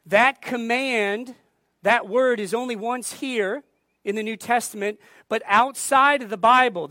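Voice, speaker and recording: A woman pastor delivers a sermon at an unhurried, measured pace, leaning on emphatic repetition. Her voice sits in a middle register and sounds close and dry, with no room echo. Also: on the high side, a bit bright. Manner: deliberate, emphatic preaching with repeated phrases.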